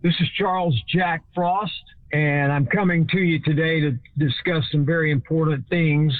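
A man's voice: a little high, fairly even intonation, dry recording, narrow, tinny audio. A man from Texas, giving a folksy, speech-like scripted talk as host. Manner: folksy speech-like delivery, shifts between slow and fast.

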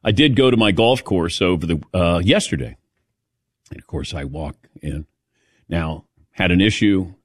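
A man's voice: low voice, moderate pace, no echo, clean studio sound. A man hosting a casual sports talk show, telling stories in a chatty, sarcastic way. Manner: chatty storyteller with a sarcastic edge. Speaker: radio sports talk host.

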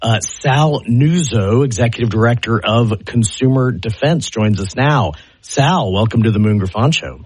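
A man's voice: medium pitch, moderate pace, hardly any pauses, darkish tone, breathy edge, dry recording. Easygoing man filling in as radio host. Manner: easygoing, with fillers and restarts. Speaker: fill-in radio talk show host. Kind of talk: casual radio hosting.

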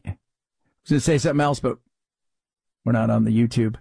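A man's voice: a little high, animated, brisk, gravelly, pauses often, darkish tone, slightly rough, no echo. A man hosting a commentary show, talking in a sarcastic, exasperated way. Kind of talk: opinionated commentary.

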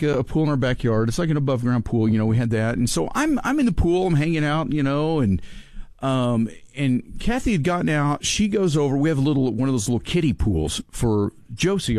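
A man hosting a talk show, telling a story in an animated, excitable way and laughing often. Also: mid-range voice, fairly quick, no echo, clean studio sound. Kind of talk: casual storytelling chat.

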